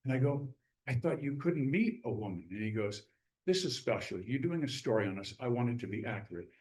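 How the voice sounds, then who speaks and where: A man speaking as a guest author at a club meeting. He tells a story with animated energy and acts out what people said. His voice sounds roomy, with a noticeable echo from the room around him. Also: mid-range voice, a little fast. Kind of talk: casual storytelling talk.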